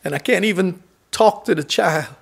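A man preaching a fervent sermon as pastor, calling out for responses and dropping from loud calls to soft whispers. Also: high voice, normal speed, gravelly, breathy edge.

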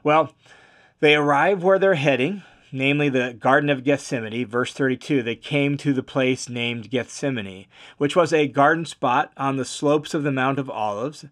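A man's voice: medium pitch, normal speed, a bit bright. A man teaching a Bible passage verse by verse in a casual, conversational way, with fillers and restarts and stress on key words.

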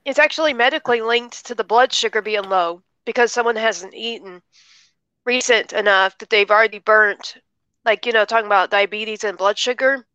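A woman's voice: a little high, moderate pace, bright, forceful tone, clear, resonant tone, dry recording, dull audio. A woman hosting a casual chat, talking in a chatty, rambling way with many restarts. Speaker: host.

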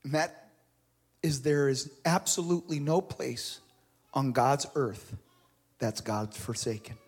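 A man's voice: medium pitch, expressive, takes it slowly, husky. A man preaching and reading a story aloud, swelling and dropping his volume for drama. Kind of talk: storytelling sermon.

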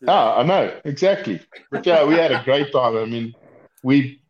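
A man's voice: mid-range voice, expressive, moderate pace, lo-fi sound. A South African man who makes knives, chatting casually and rambling a bit, with restarts and laughter. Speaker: knifemaker guest. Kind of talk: casual chat over a call.

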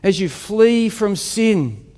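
A man preaching a sermon to a congregation, emphatic, with rhetorical questions and quieter reflective passages. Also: sits high, very animated, slow, long reverb tail. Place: church hall with congregation.

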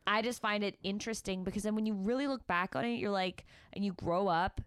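A woman's voice: medium pitch, fairly quick, smooth, dry recording, studio quality. A woman hosting a casual podcast who reacts with big exclamations and swears freely while asking questions. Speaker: podcast host.

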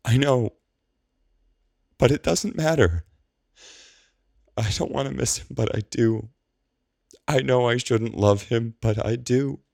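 A man voicing a grieving young woman who talks through tears, breathy and shaky. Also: fairly low pitch, sing-song, measured pace, a little mellow, no room sound, clean studio sound, voice pushed up, full character voice. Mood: tearful. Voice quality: breathy, tearful. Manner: shaky, pleading.

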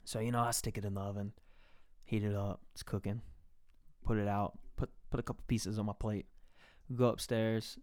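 A man's voice: on the low side, flat delivery, normal speed, a little mellow, dry recording, studio quality. A young man hosting a podcast, telling a rambling, profane story in casual chat. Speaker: podcast host.

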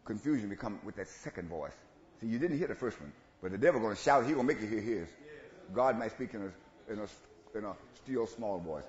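A man preaches to his congregation with lively, swooping delivery, dropping to a near whisper and then climbing up again. The sound is roomy and a little dull, with faint room ambience behind him. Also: on the low side, fairly quick, slight background noise. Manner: animated, swings from hushed to loud, playful asides. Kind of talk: call-and-response sermon.

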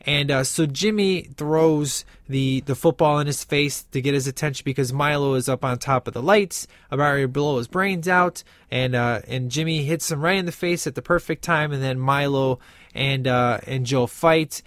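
With a fairly bright, medium-pitched voice at a moderate pace, a man rambles through a casual film review, quoting the movie's lines. Fillers like "uh" and "you know" pop up often, and the recording is dry and clean, studio-style.

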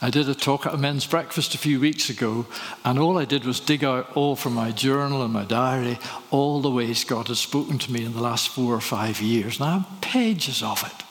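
A man's voice: medium pitch, normal speed. A man preaching a sermon, telling stories and asking rhetorical questions. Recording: reverberant hall.

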